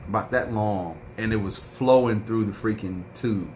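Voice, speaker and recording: A man's voice: fairly low pitch, moderate pace, a little mellow, slight background noise. A man vlogging in a casual chat, telling a rambling story with lots of fillers and reading out viewer comments.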